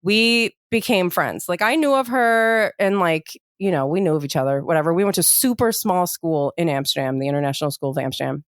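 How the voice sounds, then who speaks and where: A woman's voice: lowish voice, fairly quick, hardly any pauses, no room sound, studio quality. A woman co-hosting a podcast, telling a long personal story in a casual chat, full of "like" and "you know". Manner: animated storyteller, many fillers like "like" and "you know". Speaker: podcast co-host.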